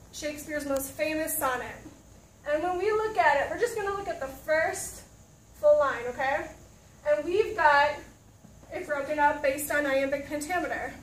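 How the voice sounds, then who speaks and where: A woman's voice: high-pitched, a little hiss or hum. A woman teaching a class, talking students through the material and asking them questions as she goes. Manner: checks in with students, asks questions. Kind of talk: classroom lesson. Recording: roomy, from a distance.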